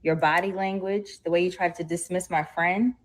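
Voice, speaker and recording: A woman's voice: fairly low pitch, fairly even intonation, moderate pace, a little hiss or hum, natural voice. A woman playing a girlfriend in a comedy skit, defensive and accusing.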